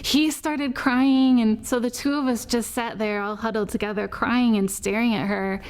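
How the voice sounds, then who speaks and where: A woman's voice: a little high, steady tone, normal speed, a little mellow, clean tone. A mother telling an interviewer about her first nights at home, with tender, emotional recollection. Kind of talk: interview storytelling.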